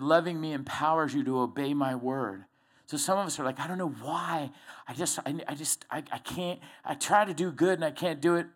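A middle-aged man preaching a folksy, animated sermon to a church congregation, telling personal stories. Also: a little high. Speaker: pastor.

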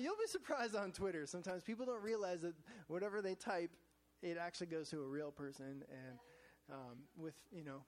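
A man telling a casual, rambling story to a church group, full of fillers and restarts. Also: on the high side. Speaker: church staff speaker sharing a devotional. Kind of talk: informal testimony talk to a group. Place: in front of a group, gadgets in hand.

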